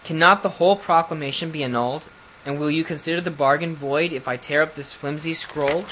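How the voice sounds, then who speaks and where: A man voicing a proud, honourable young crown prince who speaks in a stately, formal way, a little above his own pitch. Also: fairly quick, bright, forceful tone, a little hiss or hum, rough recording. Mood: earnest.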